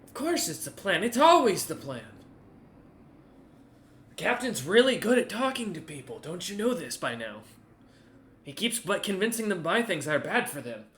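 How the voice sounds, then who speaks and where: A man's voice: high voice, sing-song, normal speed, long pauses, fairly bright tone, pitched above the performer's own voice. A man voicing a small, snide male crewman with a whiny, snippy way of talking.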